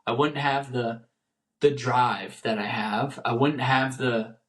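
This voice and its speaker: A man's voice: medium pitch, slow pace, fairly bright tone. A young man hosting a solo motivational podcast. He talks earnestly and repeats phrases for emphasis. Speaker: podcast host.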